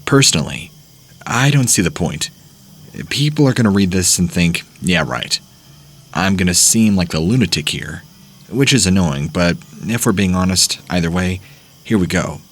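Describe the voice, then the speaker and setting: A man narrating first-person horror stories as the host of a channel, reading in a plain, steady way. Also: deep voice, normal speed.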